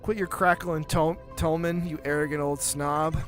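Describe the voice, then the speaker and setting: A man voicing a gruff, sneering old con man in a video game read-through, loud and theatrical. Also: a little high, little pitch movement, moderate pace, soft background music, close to an everyday voice. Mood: scornful. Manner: loud, rough, theatrical insults.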